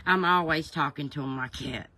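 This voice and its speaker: On a livestream, a woman chats casually and reads viewer comments, replying to people by name in a folksy manner. Her voice is low-pitched, pushed and bright, at a moderate pace, with no room sound.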